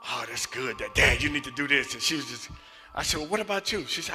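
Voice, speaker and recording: Man preaching, bright tense voice. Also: mid-range voice, lively intonation, fast talker, faint music behind. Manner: swings from loud emphatic preaching to hushed near-whisper. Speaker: associate minister. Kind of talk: sermon with personal storytelling. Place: church sanctuary.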